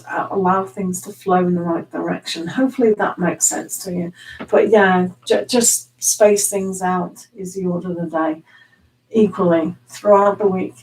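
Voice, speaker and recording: A woman's voice: medium pitch, a little mellow, far from the mic, low-quality recording. A woman giving live tarot readings in a chatty, giggly way, with many ums and restarts. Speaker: tarot reader.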